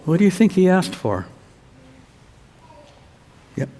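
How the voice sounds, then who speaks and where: A male pastor gives a children's sermon, taking his time over each phrase and stopping to ask the kids questions. His voice sits a little high for a man. The sound rings out with the long reverb of a church. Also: sing-song, warm tone. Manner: slow, storytelling, asks children questions.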